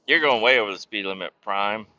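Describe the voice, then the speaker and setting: A man's voice: on the low side, fairly quick, bright, forceful tone, dry recording. A man in his thirties streaming a trucking game, chatting casually and telling rambling, profane stories. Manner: rambling, profane, laid-back. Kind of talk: casual gameplay chat and storytelling. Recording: slightly muffled dry mic.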